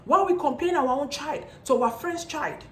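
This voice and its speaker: A woman's voice: high voice, fairly quick, fairly bright tone, slight background noise. A woman lecturing parents in a vlog, repeating pointed rhetorical questions. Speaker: parenting vlogger. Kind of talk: preachy monologue to parents. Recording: echoey room.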